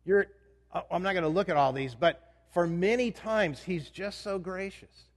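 With a voice that sits high and a normal speaking speed, a male pastor gives a sermon in a reverberant hall. He speaks conversationally, often asking the congregation questions.

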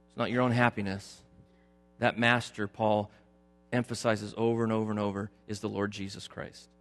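Man preaching in an echoing hall. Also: mid-range voice. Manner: swings from loud emphatic preaching to quiet storytelling. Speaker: pastor. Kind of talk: sermon with personal story. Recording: long hall reverb with faint music.

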